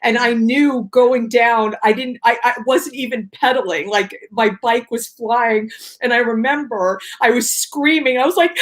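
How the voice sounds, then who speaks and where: A woman guest on a video-call talk show, telling her story in a lively way and acting out her own cries and quotes. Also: fairly high pitch, moderate pace, heavy background noise. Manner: animated, acts out her own shouts and quotes. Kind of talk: casual storytelling interview.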